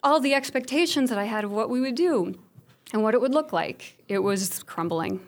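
A woman's voice: a little high, lively intonation, moderate pace. A woman in her thirties telling a candid personal story about motherhood to an audience, frank and humorous, with a self-deprecating streak. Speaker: speaker sharing a personal story.

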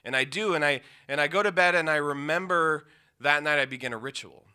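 A man from the Pacific Northwest telling an emotional personal story, intense, with pauses and restarts. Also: on the high side, sharp tone, smooth. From Yakima, Washington, USA.

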